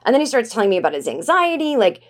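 A woman comedian hosting a podcast, telling a casual, animated story from her home office in a chatty way, full of "like"s. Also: on the high side, rapid-fire. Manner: chatty and animated, acts out quoted voices, many "like"s.

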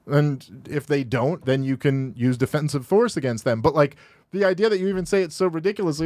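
A man's voice: fairly quick, a little mellow, no echo, studio quality. Exasperated man arguing on a podcast. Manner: exasperated, rising sharply in pitch when rebutting. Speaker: podcast host reacting to a video. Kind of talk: argumentative commentary on a played clip. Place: podcast studio.

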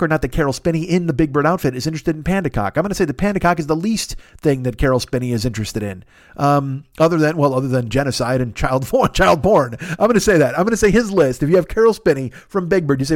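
A man's voice: a little high, lively intonation, very fast, no echo, studio quality. A man in his fifties riffing in a rambling, profane comedy monologue, laughing at his own jokes. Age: 50s. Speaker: podcast host.

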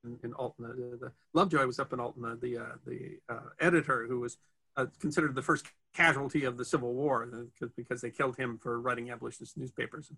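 A man's voice: mid-range voice, steady tone, fast talker, creaky, pushed and bright, husky. A man chatting in an interview about his history channel travels, rambling with many fillers and restarts. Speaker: history video host, guest. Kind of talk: casual interview chat.

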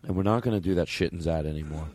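A man's voice: low voice, very fast, a little mellow, slight background noise. A middle-aged man hosting a comedy podcast, rambling, profane and self-mocking. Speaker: podcast host.

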